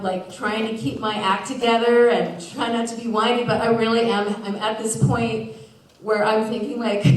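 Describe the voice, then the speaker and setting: A woman from Washington State telling a personal story live on a theater stage, chatty and full of "like" and restarts, laughing through her lines. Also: on the high side. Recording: echoey theater, voice from far off.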